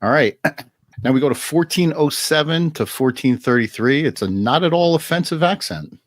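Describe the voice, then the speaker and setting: A man's voice: a little high, expressive, normal speed, no echo. A man co-hosting a podcast, dry and wry while cueing up clips. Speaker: podcast co-host. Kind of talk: casual chat.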